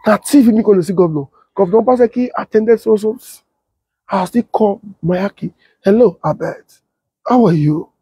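Husky man with Nigerian Pidgin accent. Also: moderate pace, dry recording. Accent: Nigerian Pidgin English. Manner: switches to high excited voice when quoting others. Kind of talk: animated storytelling with acted-out quotes.

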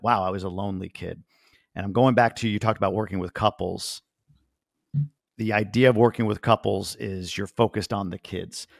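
A man's voice: sits low, gravelly, dry recording, clean studio sound. A man hosting a podcast interview, thinking aloud with restarts as he asks questions. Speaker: podcast host.

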